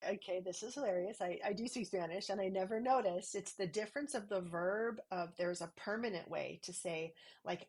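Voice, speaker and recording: A woman speaking calmly and gently on a parenting podcast, guiding listeners through a practice. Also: medium pitch, normal speed, hardly any pauses, breathy edge.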